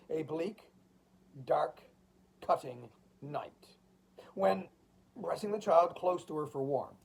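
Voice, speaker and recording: Slow, gravelly male audiobook reader. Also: a little high. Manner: expressive, dramatic reading. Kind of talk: classic novel read aloud.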